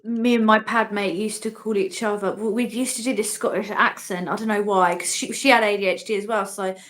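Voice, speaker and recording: A woman, a guest in a casual chat, talking with sympathy and telling stories in an animated way. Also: medium pitch, a little fast.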